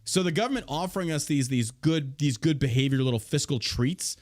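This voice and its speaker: A man's voice: on the high side, a little fast, darkish tone, no echo, clean studio sound. A man hosting a podcast, reading news aloud and ranting about it with heavy swearing and outrage. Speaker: podcast host. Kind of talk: casual podcast commentary.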